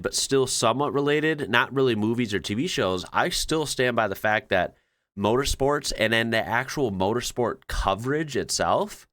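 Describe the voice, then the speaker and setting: A man's voice: fairly low pitch, fairly bright tone, no room sound, clean studio sound. An American man hosting his channel, chatting casually as he reacts to things he reads, rambling and often correcting himself. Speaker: channel host.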